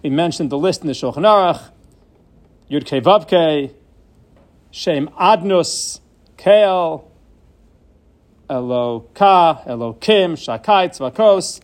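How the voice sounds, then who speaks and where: Un homme à la voix aiguë qui enseigne. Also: male voice, fairly high pitch, animated. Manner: measured, explanatory, mixes in Hebrew terms. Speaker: Torah teacher. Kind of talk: Torah lecture on Hebrew grammar.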